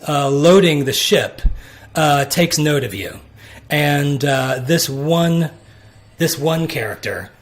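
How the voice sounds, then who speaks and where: A man narrating as game master, talking in a halting way with many restarts. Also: fairly high pitch, vocal fry.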